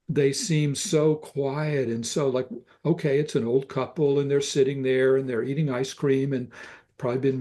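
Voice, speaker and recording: An older Southern man talks slowly and reflectively about photographs, stopping often to search for words. His voice is warm and mellow, with a soft, relaxed tone. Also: medium pitch. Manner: thoughtful, halting with many fillers. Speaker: photographer guest.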